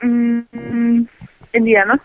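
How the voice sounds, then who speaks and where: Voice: mid-range voice, completely flat delivery, extremely slow, no room sound, narrow, tinny audio, faint music behind. A co-host in casual chat who gives short replies and laughs often.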